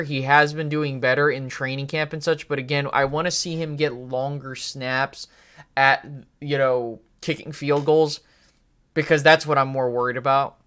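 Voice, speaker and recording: A man's voice: fairly high pitch, fairly bright tone, clean tone. A man hosting a live sports talk stream, giving rambling, opinionated takes with frequent fillers, restarts and casual swearing. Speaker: podcast host.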